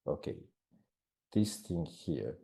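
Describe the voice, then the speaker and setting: A man's voice: rumbling low, sing-song, takes it slowly, gravelly, mellow. A man giving a classroom lecture in English, which is not his first language, talking hesitantly with many fillers and restarts.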